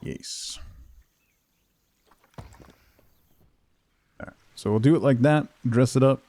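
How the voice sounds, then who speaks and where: Mellow-voiced man streaming a game. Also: mid-range voice, slow pace, no room sound. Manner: playful, teasing chat with viewers; soft cooing baby talk to a pet. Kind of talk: casual gameplay chat.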